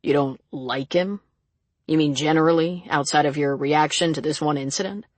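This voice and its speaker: A reader voicing a calm, steady sheriff man. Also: medium pitch, normal speed, no room sound, natural voice. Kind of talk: audiobook character reading.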